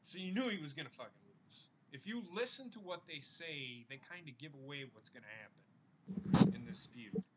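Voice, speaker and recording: A man's voice: a little high, lively intonation, moderate pace, muffled recording, heavy background noise. A man hosting a casual podcast, talking bluntly and rambling with the odd curse word. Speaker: podcast host. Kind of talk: casual wrestling podcast chat.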